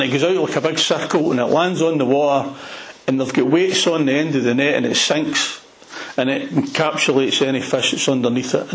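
A man with a Glasgow accent preaching a sermon, retelling a Bible story in an animated way with plenty of local slang. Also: fairly high pitch, reverberant, rough recording. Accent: Glaswegian Scottish. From Scotland. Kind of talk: expository sermon.

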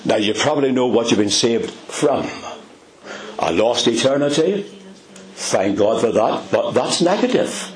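Older man delivering a sermon with a very lively, sweeping pitch that leaps up high on emphasis and sinks low at phrase ends. He speaks slowly and deliberately, stretching out key words as he tells his congregation stories. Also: low-quality recording. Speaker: preacher.

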